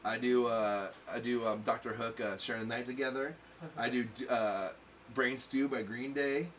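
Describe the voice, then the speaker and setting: A man hosting a live stream, chatting casually and getting excitable. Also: medium pitch, moderate pace, a little hiss or hum. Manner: excitable, shouts song lyrics. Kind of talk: casual chat, karaoke singing. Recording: loud music behind.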